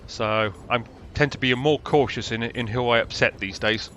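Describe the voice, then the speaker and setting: Middle-aged British male game commentator, dry sarcasm, bright voice, faint noise behind. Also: medium pitch, moderate pace. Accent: British English. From Britain. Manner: dry, sarcastic, rambling asides. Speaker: gameplay commentator. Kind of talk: casual gameplay commentary.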